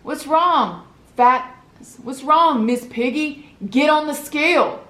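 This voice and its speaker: A woman's voice: sits high, slow pace, pushed and bright, reverberant, pitched above the performer's own voice, full character voice. A woman voicing a jeering grown man who taunts a little girl with mocking, repeated jabs during a retold story.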